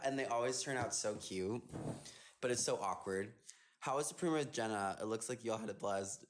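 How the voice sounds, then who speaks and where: A lowish male voice at normal speed belongs to a young dancer chatting on an Instagram live from his phone. He reads viewer comments aloud, answers them with playful ease, and often lets his thoughts trail off unfinished.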